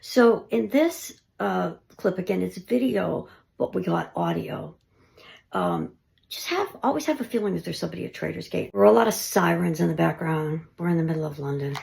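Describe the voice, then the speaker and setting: A woman with a low voice and a heavy gravelly fry narrates her ghost-hunting recordings in a casual, conversational way. She often sinks into a hushed near-whisper. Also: lively intonation, normal speed. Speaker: paranormal investigator.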